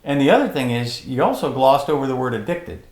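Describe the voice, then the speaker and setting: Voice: medium pitch, animated, fairly quick, darkish tone. A co-host in a casual chat about diet, speaking in a reassuring, conversational but insistent way. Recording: roomy, echoey sound.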